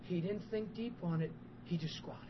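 A man preaching a sermon at a church service, telling a story with emphatic, animated delivery that swells into loud outbursts and breaks into chuckles. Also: high-pitched, normal speed. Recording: muffled with faint background hiss.

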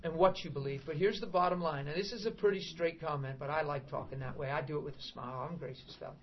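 A middle-aged man preaching an informal sermon to a small group, emphatic and animated, acting out prayers and quotes as he goes. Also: a little high, fast. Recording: dull lo-fi recording with faint background hiss.

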